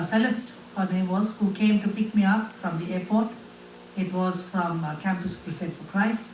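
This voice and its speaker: A man's voice: high-pitched, a little hiss or hum. Earnest man, echoey and distant. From India. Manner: earnest storytelling with halting restarts. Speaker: guest speaker. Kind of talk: personal testimony to an audience. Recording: echoey room, voice from a distance, faint ambience.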